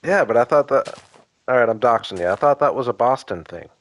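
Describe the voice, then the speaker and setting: A man casually chatting and joking with his viewers while playing a game, relaxed and full of small hesitations. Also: medium pitch, a little fast. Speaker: streamer. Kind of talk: casual live-stream chat with viewers.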